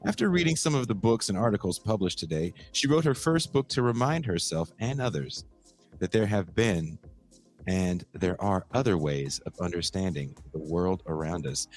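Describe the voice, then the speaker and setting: A man hosting a casual podcast, introducing his guest with a jokey, animated delivery. His voice sits low but swings widely in pitch. Faint music plays underneath. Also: normal speed. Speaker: podcast host.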